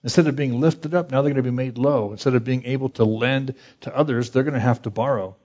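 Husky-voiced pastor teaching scripture. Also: male voice, medium pitch, steady tone, fast talker, darkish tone. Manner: conversational, plain-spoken, reads scripture aloud. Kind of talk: verse-by-verse Bible teaching. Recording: dull lo-fi recording.

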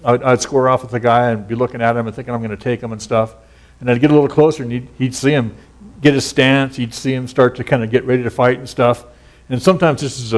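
In a mid-range voice, a middle-aged man preaches as a pastor. His tone is relaxed and conversational, and he drifts into folksy anecdotes and casual asides.

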